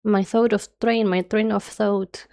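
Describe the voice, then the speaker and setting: A woman's voice: medium pitch, little pitch movement, measured pace, warm tone. A young woman streamer chatting casually and rambling nonstop while she draws, her nose stuffy. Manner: rambling, chatty, self-described yapping.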